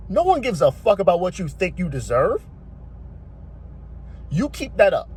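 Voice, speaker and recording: A man in his thirties giving a blunt, profane motivational rant, talking forcefully and preachily. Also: on the high side, sing-song, normal speed, pauses often, slight background noise. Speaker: commentator.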